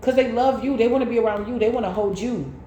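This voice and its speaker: A woman tarot reader in casual chat, telling stories in an animated way with slang. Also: fairly high pitch, fast, highs cut off. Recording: echoey room with faint noise.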